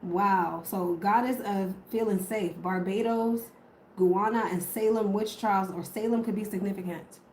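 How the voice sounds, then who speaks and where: A woman's voice: medium pitch, fairly even intonation, a little slow, darkish tone, reverberant, slight background noise, rough recording. A woman giving a casual tarot reading to camera, swearing freely and correcting herself as she goes. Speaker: tarot reader.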